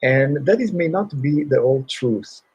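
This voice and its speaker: A man speaking as a guest, telling motivational stories in an animated way and acting out shouts. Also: a little high, moderate pace, husky, rough recording. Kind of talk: motivational storytelling.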